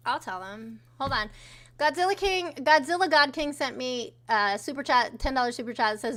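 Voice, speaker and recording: A woman co-hosting a relaxed live stream, chatting loosely and swearing freely. Her voice is bright and sits a little high, and she reads out viewer messages along the way. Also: fairly quick. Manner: profane, offhand, reads out chat messages. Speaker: co-host. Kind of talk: casual livestream chat.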